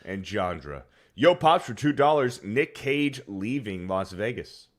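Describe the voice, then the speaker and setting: A man's voice: mid-range voice, lively intonation, unhurried. A man co-hosting a casual livestream show, reading viewer messages aloud and laughing along. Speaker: co-host reading super chats.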